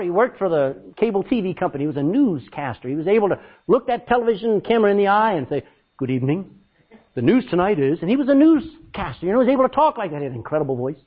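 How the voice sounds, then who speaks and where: Loud, animated male preacher. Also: high-pitched, muffled recording. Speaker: pastor. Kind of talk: storytelling sermon.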